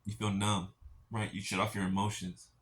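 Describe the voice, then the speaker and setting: A man speaking gently to his viewers in a heartfelt spiritual encouragement talk, halting and repeating himself as he reassures them. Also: on the low side, level tone, slight background noise. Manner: gentle, halting, keeps asking "right?".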